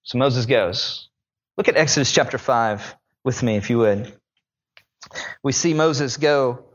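A man's voice: medium pitch, unhurried, muffled recording. A man preaching a sermon, retelling scripture in a conversational, dramatic way. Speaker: pastor.

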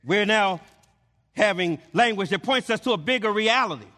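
Male preacher, high-pitched and slow, emphatic with stammered repeats, echoing hall. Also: animated, pushed and bright. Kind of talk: sermon.

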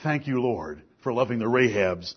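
A man preaching a sermon, firing off rhetorical questions and swinging between soft, low passages and loud, raised ones. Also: expressive, moderate pace, slightly rough, muffled recording.

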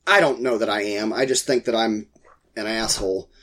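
A man's voice: fairly low pitch, normal speed, a bit bright. A middle-aged man with a head cold, chatting casually and telling a rambling, exasperated story. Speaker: podcast co-host. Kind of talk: casual chat.

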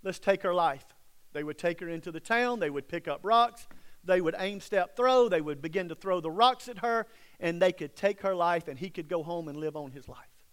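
A male pastor with a high speaking voice, preaching in a dramatic storytelling manner. He swings from bold emphasis down to hushed, near-whispered lines. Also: normal speed, smooth. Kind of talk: sermon.

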